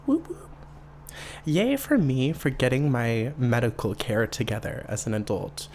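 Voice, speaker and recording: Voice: mid-range voice, sing-song, moderate pace, darkish tone, slight background noise. A podcast host in their late twenties, chatting casually and playfully, camp and full of swearing. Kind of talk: casual solo podcast chat.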